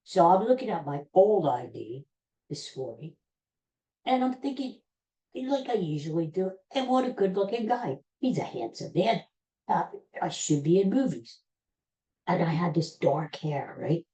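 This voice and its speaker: A middle-aged man rambles through a casual story, poking fun at himself. His voice is soft and mellow. The recording has a roomy echo. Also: high-pitched, expressive, a little slow. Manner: rambling, self-deprecating humor. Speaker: podcast host.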